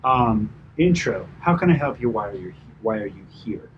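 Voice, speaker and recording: A man working as a personal trainer, giving a chatty, animated debrief after a client session, full of fillers and asides. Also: lowish voice, normal speed, dull audio, a little hiss or hum. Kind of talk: casual coaching debrief.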